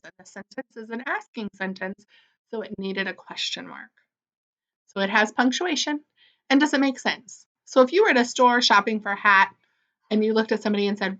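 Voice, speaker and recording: A woman teaching an early-grade writing lesson, spelling words sound by sound and gently asking and answering her own questions. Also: medium pitch, lo-fi sound. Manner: slow, sound-by-sound spelling for young children; gently encouraging, asks questions and answers them.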